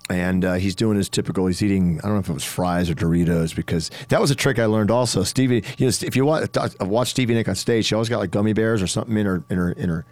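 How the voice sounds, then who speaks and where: A man's voice: on the low side, quick pace, few pauses, darkish tone, no room sound. A man who sings rock talking casually about vocal technique, rambling with many restarts and little demonstrations. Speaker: rock singer and studio vocalist. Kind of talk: casual podcast chat.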